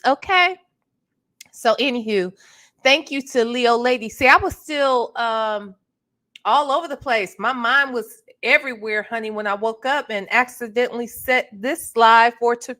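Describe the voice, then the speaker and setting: Chatty, slightly hoarse woman livestreamer. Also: on the high side, sharp tone. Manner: chatty, greets viewers by name, says honey. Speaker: livestream host. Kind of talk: casual livestream chat.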